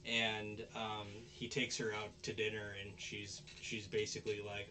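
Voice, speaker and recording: A low-leaning male voice at a measured pace, with few pauses, belongs to a podcast host recapping anime episodes casually. His talk rambles with fillers and restarts, and he performs the characters' lines in animated voices.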